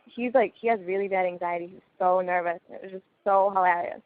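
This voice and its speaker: A woman's voice: lowish voice, steady tone, fairly quick. A woman telling a story in casual chat, blunt and laughing often. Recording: tinny phone-like line.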